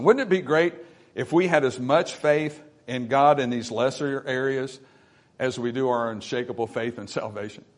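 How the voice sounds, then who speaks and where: Man preaching with rising fervor. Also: fairly high pitch. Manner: preaching with wide swings from hushed to emphatic. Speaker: pastor. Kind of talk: sermon. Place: church sanctuary.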